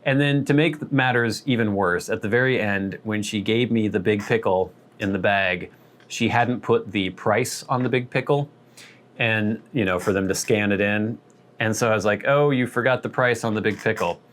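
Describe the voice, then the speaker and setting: A man's voice: lowish voice, moderate pace, fairly bright tone. A man hosting his vlog, telling a rambling, wry, self-deprecating story in a casual way. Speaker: vlog host.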